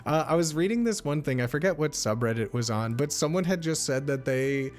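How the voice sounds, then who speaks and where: A man's voice: fairly high pitch, animated, brisk, faint music behind. Rambling, enthusiastic young male streamer. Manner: rambling, enthusiastic, swears freely. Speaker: streamer and game master. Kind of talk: casual live-stream chat, answering chat.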